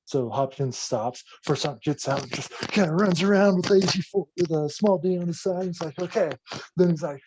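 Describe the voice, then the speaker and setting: A man talks in a warm, relaxed tone and tells an army story loosely and animatedly, with plenty of swearing. Faint noise hums under his voice. The talk is casual, the kind you hear from a guest on a podcast. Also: a little high, moderate pace, hardly any pauses, rough recording. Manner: profane, animated war-story telling.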